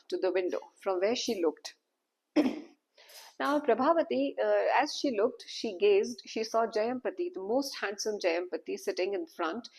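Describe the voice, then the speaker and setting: A woman storyteller, narrating a folk tale in a lively, conversational way. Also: medium pitch, slightly rough, rough recording. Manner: animated, conversational asides.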